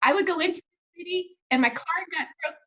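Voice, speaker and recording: A woman with a high, bright voice tells lively stories in a quick, chatty way. She is talking on a video call. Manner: lively storytelling. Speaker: comedian guest. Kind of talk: casual video call chat.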